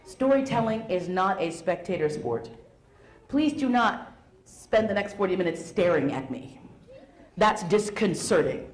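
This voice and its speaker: A woman's voice: on the low side, animated, a little slow. A middle-aged woman storyteller speaking playfully and animatedly to an audience of schoolchildren in a school hall. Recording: roomy echo, faint hall noise.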